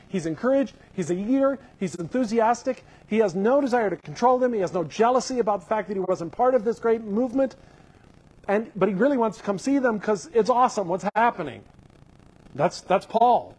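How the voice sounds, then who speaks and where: A male pastor giving a sermon, reading scripture aloud and explaining it with animated enthusiasm. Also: high voice, a little fast, husky, rough recording.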